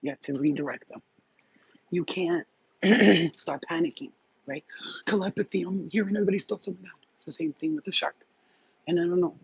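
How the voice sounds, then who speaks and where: A woman's voice: low-pitched, gravelly, lo-fi sound, a little hiss or hum. A woman hosting a casual spiritual talk, rambling and swearing freely as she explains her ideas. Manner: rambling, profane, streetwise. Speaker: spiritual healer host.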